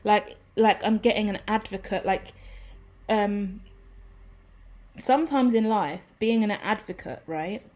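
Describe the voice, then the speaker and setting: Woman doing a chatty tarot reading, warm mellow voice, rambles and swears, gets all excited. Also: medium pitch, slow pace, long pauses. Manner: rambling, excitable, swears casually, laughs at herself. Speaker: tarot reader. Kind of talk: casual tarot reading for viewers.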